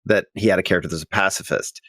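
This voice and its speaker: A man co-hosting a tabletop gaming talk show, speaking in an animated, casual way and restarting sentences. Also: low-pitched, rapid-fire, no echo, studio quality. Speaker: podcast co-host. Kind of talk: casual discussion.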